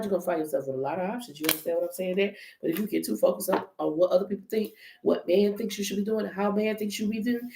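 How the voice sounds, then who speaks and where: This woman's voice is mid-range with a dark tone. She's hosting a relaxed tarot reading on a live stream, talking chattily and directly to viewers with plenty of swearing, in an echoey space with faint noise.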